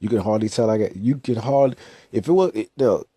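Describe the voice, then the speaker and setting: A man's voice: lowish voice, fairly quick, warm tone, slightly rough, no room sound. A young man in a casual monologue as a podcast host, blunt, slangy and profane. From United States.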